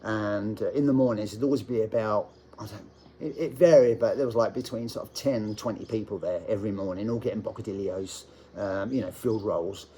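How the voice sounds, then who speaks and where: A man's voice: lowish voice, brisk, warm tone, slight background noise. A middle-aged man, casually telling a personal anecdote, often laughing as he talks. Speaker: storyteller.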